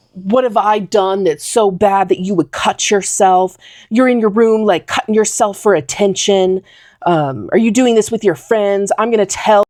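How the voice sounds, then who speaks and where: A woman's voice: fairly low pitch, a little mellow, no room sound, studio quality. A young woman telling a personal story in a casual talking vlog, rambling with lots of fillers. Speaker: vlogger.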